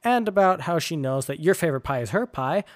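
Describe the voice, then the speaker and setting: A man's voice: a little high, animated, brisk, natural voice. A man doing a sly teasing fellow.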